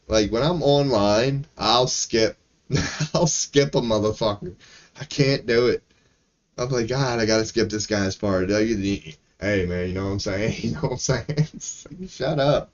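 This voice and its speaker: Speaking a little slowly at medium pitch, a Maryland streamer delivers a casual livestream rant. Expect plenty of cursing, animation, and laughing asides, all on dull-sounding audio.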